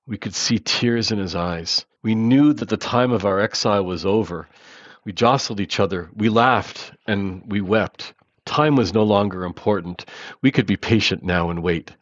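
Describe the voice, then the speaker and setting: A man reading a first-person story aloud in a measured, earnest way, sometimes restarting a word. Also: fairly low pitch, no room sound, muffled recording. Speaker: narrator.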